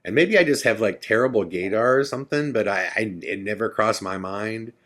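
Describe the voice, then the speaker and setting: A man's voice: on the low side, a little fast, a bit bright. A man hosting a podcast, casually telling a first-person story in a chatty, self-correcting way. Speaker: podcast host.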